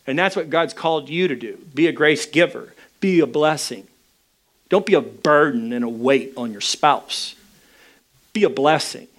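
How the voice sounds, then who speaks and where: A man's voice: fairly high pitch, normal speed, a bit bright. Candid man preaching a sermon. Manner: candid, conversational storytelling. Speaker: pastor.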